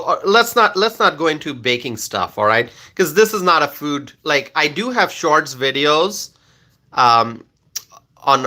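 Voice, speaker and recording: A man's voice: mid-range voice, sharp tone. A man hosting a casual live stream, reading viewer comments aloud and answering them in a chatty, rambling way, often ending sentences with "okay?".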